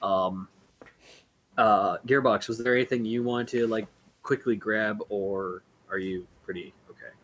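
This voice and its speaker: A man's voice: lowish voice, fairly even intonation, measured pace, a bit bright. A man narrating as game master of a tabletop game, loose and full of fillers.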